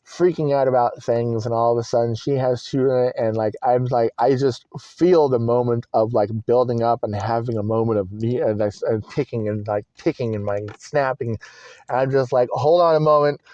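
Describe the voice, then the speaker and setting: A man's voice: mid-range voice, fairly even intonation, normal speed, mellow, dry recording, muffled recording. A young man telling a personal story in a rambling, candid way, full of fillers and swearing. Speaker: vlogger.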